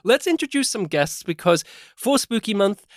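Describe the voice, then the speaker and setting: A man's voice: high voice, sing-song, moderate pace, dry recording, studio quality. A man co-hosting a film podcast, playful and bantering in casual chat. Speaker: podcast co-host.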